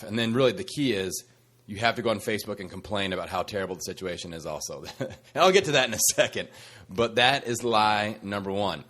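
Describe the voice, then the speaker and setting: A man's voice: lowish voice, lively intonation, normal speed, fairly bright tone. A man hosting a motivational fitness podcast, coaching listeners in an upbeat, teasing and sassy way.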